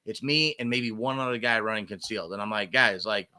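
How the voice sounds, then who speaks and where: A male host in easygoing conversation, reading comments aloud and chuckling often. His voice is bright and forward, his talk loose and profane. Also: fairly low pitch, a little fast. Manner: laughs often, reads viewer comments, swears casually. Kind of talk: casual livestream chat.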